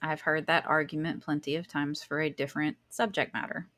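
A woman's voice: deep voice, flat delivery, brisk, a bit bright, no room sound. A young woman co-hosting a podcast, who chats casually and keeps adding joking, sarcastic side comments. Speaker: podcast co-host.

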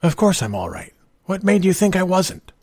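Storybook figure: man playing a resentful young clerk, husky and raised in pitch. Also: huge pitch swings, moderate pace, darkish tone, no room sound, studio quality, exaggerated voice. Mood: sullen bitter. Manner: sullen, resentful outbursts. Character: young despairing male bank clerk, sullen and bitter.

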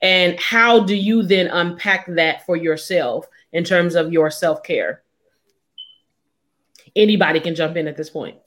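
A woman hosting a panel discussion, framing questions haltingly with many fillers. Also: fairly low pitch, fairly bright tone. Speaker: host.

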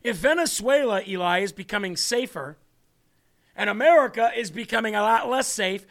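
A man's voice: high-pitched, moderate pace, gravelly, a bit bright. A man hosting a political talk show, rambling and sarcastic as he speaks to the audience. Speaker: show host.

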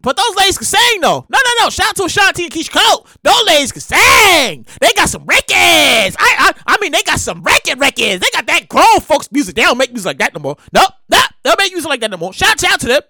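A man giving excitable, slangy, casual commentary, often loud and drawn out on exclamations. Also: very high voice, quick pace, few pauses, dry recording.

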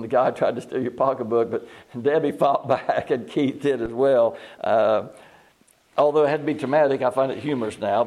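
A man's voice: mid-range voice, darkish tone. An older man preaching an informal sermon in a folksy, digressive way, often restarting his sentences and chuckling at his own stories.

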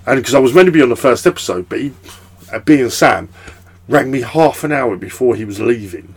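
A man's voice: medium pitch, expressive, a little fast, husky. A young man with an Essex accent, a podcast guest telling rambling, swear-laden stories and laughing often. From Essex, England. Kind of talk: casual chat.

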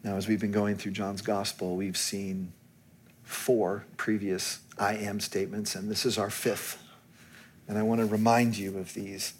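A man preaching a sermon, dropping to quiet and then rising to emphatic peaks. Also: on the low side, flat delivery, measured pace, slight background noise. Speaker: pastor.

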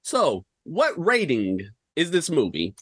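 A man's voice: on the high side, wildly swooping pitch, takes it slowly, a bit bright, no echo, clean studio sound. A young man co-hosting a podcast, ranting animatedly about films with slang and rhetorical questions. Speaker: podcast co-host. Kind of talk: casual film-review rant.

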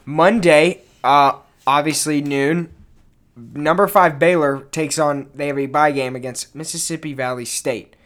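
Brief: young male sports podcast co-host, slightly high voice, joking banter. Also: steady tone, a little slow, a bit bright. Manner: bantering, reads game schedules aloud. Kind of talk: casual sports chat. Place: indoor studio beside co-hosts.

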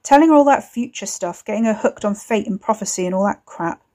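A woman's voice: medium pitch, expressive, brisk, warm tone, lightly acted. A woman doing a bitter, defensive young man. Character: tense, defensive young man, shaken and angry.

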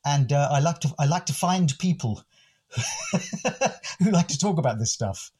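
Older man from the UK, a guest who muses thoughtfully, with a slightly husky voice. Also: fairly high pitch, expressive, normal speed, mellow. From United Kingdom. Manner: thoughtful, literary, musing. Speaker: guest, philosophy podcast host. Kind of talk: reflective interview talk.

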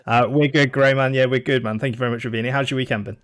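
A man's voice: mid-range voice, steady tone, brisk. A man co-hosting a casual podcast, rambling and swearing, laughing often. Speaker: podcast co-host. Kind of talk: casual chat.

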